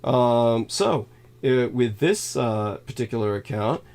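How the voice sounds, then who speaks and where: A man hosting a livestream, rambling through thanks with many halting fillers, laughing suddenly and swearing now and then. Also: medium pitch, expressive, vocal fry, darkish tone. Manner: halting, filler-heavy, reads donor thanks aloud. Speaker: livestream host.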